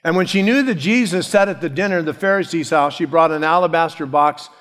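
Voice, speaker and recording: A pastor preaching a sermon in a conversational, storytelling way with casual asides. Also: male voice, on the high side, fast, fairly bright tone, in a large hall.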